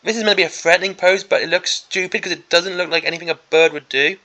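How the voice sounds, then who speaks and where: A man's voice: sits high, fairly even intonation, fast talker, pushed and bright. A man hosting a miniatures hobby channel, giving an exasperated, sarcastic ranting commentary on a product preview.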